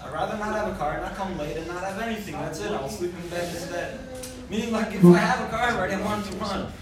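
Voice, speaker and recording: Argumentative high-voiced student. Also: male voice, quick pace. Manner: argumentative, stumbling restarts. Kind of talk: casual class discussion. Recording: echoey room, far from mic, crowd.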